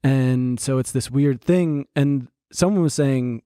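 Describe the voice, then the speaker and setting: Mellow-voiced podcast co-host, dry sound. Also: male voice, medium pitch, takes it slowly, smooth, no echo. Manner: animated storyteller who slips into mock voices. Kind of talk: casual comedic chat.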